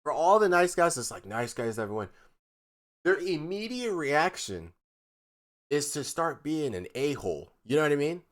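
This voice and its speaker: A man streaming live, reacting to text messages in casual commentary, mocking and animated, reading quotes in a flat voice. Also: fairly high pitch, moderate pace.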